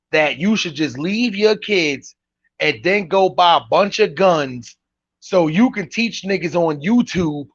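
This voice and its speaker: A high-pitched man hosts a podcast, mocking and incredulous as he reacts to clips in slangy street talk, laughing often. His voice is dry and close, with a dull, lo-fi sound. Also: no echo. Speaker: podcast host. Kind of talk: reaction commentary on live-stream clips.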